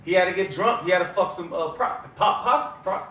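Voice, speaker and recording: A man's voice: high voice, fairly quick, sharp tone. A man in a casual faith group discussion, talking fired up and profane and ending lines with "man". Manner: profane, fired-up street talk, says "man" constantly. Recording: echoey room, mic far off.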